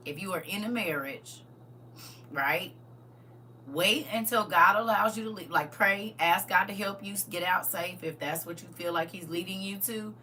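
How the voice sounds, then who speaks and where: A livestream host with a bright, forceful voice of medium pitch speaks at a moderate pace straight to her viewers. Her casual talk turns emphatic and preachy, with a faint hum in the background.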